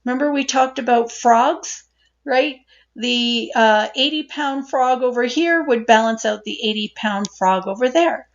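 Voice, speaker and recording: A woman with a fairly high voice lectures on statistics in a patient, explanatory way, often checking in with her listeners. The recording sounds dull and lo-fi. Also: unhurried. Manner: explanatory, asks "right?" and repeats points. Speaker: statistics instructor.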